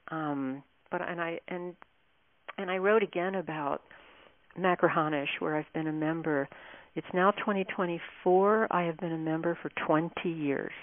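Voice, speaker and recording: Low-voiced woman on a tinny phone line. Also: fairly even intonation, a little slow, dry recording. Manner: chatty, meandering storytelling. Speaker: author and guest. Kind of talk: casual radio interview.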